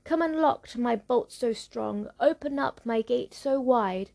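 A woman's voice: fairly high pitch, normal speed, vocal fry, darkish tone. A woman reading a commanding old storybook witch. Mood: menacing. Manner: commanding threats.

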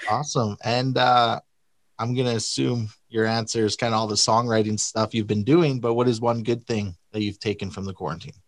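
A man's voice: fairly low pitch, fairly even intonation, fairly quick, no echo. A man hosting an interview, asking short friendly questions with the odd "uh". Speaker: interview host.

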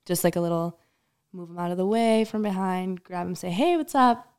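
A young woman guest talking candidly and excitably in casual chat, with many fillers. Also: fairly low pitch, a little fast, smooth.

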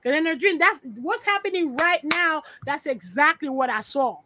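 A woman's voice: sits high, expressive, moderate pace, background noise. A woman guesting on a podcast over a remote call, talking bluntly with profanity and repeating her points. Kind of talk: casual podcast chat.

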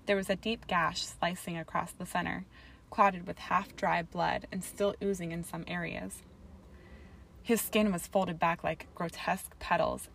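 A woman narrates a story aloud at a steady pace. Her voice sits slightly low for a woman, and her delivery stays calm and even throughout. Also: creaky. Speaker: reader. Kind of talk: audiobook narration of fan fiction.

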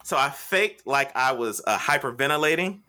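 A man's voice: medium pitch, expressive, normal speed, bright, forceful tone. A man in his thirties telling stories in casual chat, swearing freely and acting out the voices of people in his stories. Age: 30s. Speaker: podcast co-host.

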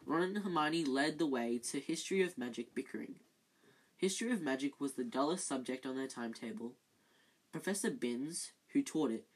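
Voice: mid-range voice, a little mellow, low-quality recording. A reader narrating a children's novel, stumbling over words and correcting themselves. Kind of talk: amateur audiobook reading.

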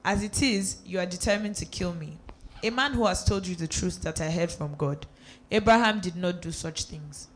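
A reader going through a Bible passage aloud at a steady pace, with a few small slips and restarts. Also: medium pitch, moderate pace, slight background noise. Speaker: scripture reader. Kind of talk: reading scripture aloud.

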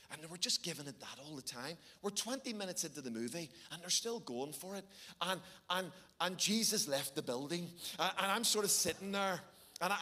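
A middle-aged Irish man preaching a sermon, telling stories with animated, sometimes shouted bursts. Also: fairly high pitch. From Ireland. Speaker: pastor.

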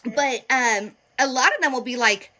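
A young woman chatting casually, telling animated stories and acting out the quotes. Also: high-pitched, moderate pace. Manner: animated storytelling with acted quotes. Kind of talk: casual chat.

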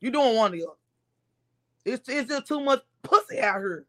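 A woman's voice: on the high side, animated, normal speed. A woman co-hosting a casual podcast chat, opinionated and laying out her views step by step. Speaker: podcast co-host.

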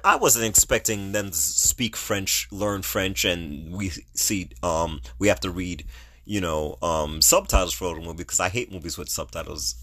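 A middle-aged man hosting a podcast, giving casual solo movie commentary in an animated, ranting way and laughing at his own jokes. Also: deep voice. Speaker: podcast host.

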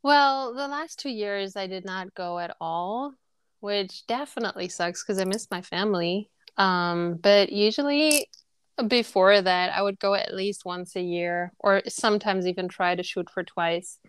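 A woman's voice: medium pitch, measured pace, smooth, dry recording. A young woman from Germany with a slight German accent, chatting casually as an interview guest and telling stories with lots of fillers. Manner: chatty storyteller, many fillers and "like". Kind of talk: casual conversation.

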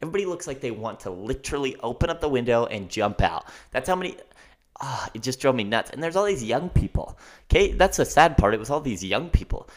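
A young man hosting his own podcast, ranting through a story about his day. His voice sits at a middle pitch and his delivery is animated, with lots of asides and repeated "okay?"s. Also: quick pace. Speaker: podcast host. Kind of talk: casual storytelling monologue.

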